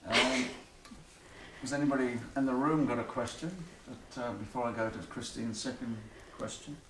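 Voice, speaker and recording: A man's voice: medium pitch, steady tone, normal speed. Male moderator, mid voice, picked up from afar in an echoey room with background hum. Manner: reads out questions and calls on the room. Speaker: session moderator. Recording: echoey room, distant mic, audience ambience.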